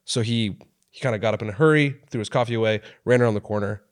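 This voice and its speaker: On a podcast, a man in his thirties from Oregon, USA, tells a story in casual chat, animatedly acting out the people he quotes in shifting voices. He talks fast, with a fairly low pitch and a clean tone.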